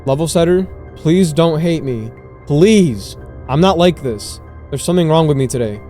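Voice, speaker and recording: A shy, bookish schoolgirl from a visual novel who stammers through her apologies, read aloud by a man in his own plain voice. The tone is mellow and a touch high, with soft music behind. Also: lively intonation, normal speed, natural voice. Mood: timid. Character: shy bookish teenage girl character.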